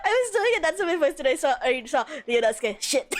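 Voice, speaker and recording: Giggly high-voiced young woman streamer. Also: normal speed, soft background music. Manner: giggly, joking, expressive. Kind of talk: casual game stream chat.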